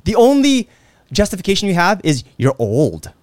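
Recorded dry in a clean studio, this podcast host has a high-pitched voice and speaks at normal speed. He's an animated storyteller who acts out quotes in casual conversation, using lots of fillers.

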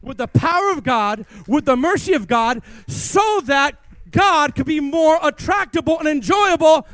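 A man preaching an energetic sermon as pastor in a church, calling on the congregation to respond. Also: very high-pitched, a little slow, no echo.

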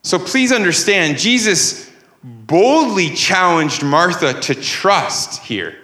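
In a church sanctuary with echoey acoustics, a man preaches a sermon as pastor. He's emphatic with a rising and falling cadence, and his voice sits high, sounding pushed and bright.

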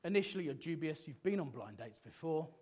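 A man preaching a sermon with passion, swinging from loud exclamations to hushed, intense moments. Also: fairly high pitch, lively intonation, fairly quick, husky.

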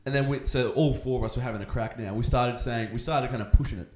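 A young Australian man co-hosting a podcast, telling jokey stories in a casual, animated way. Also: medium pitch, fast talker. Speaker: podcast co-host. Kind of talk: casual chat, storytelling. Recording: echoey room.

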